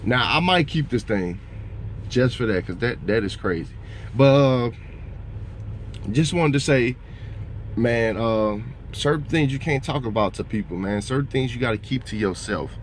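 A man's voice: lowish voice, a little hiss or hum. A man who drives trucks talking in a casual vlog monologue. He rambles in a motivational way and keeps tossing in "man".

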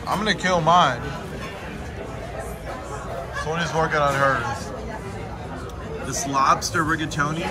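A man hosting a casual travel vlog, upbeat and chatty, cheering on the slot machine and talking through dinner. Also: fairly high pitch. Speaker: vlog host. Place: casino and restaurant, indoors. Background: loud music.

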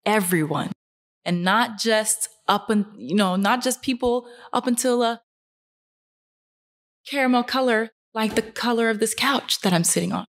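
A young woman in a casual vlog, sitting on a couch indoors and speaking earnestly to camera. Her voice sits in a middle pitch, and she lifts it sharply when she stresses a point, filling her pauses with "um" and "like.". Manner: earnest, animated, rising pitch on emphasis, frequent fillers. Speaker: fashion model and vlogger. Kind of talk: casual talking-to-camera monologue.

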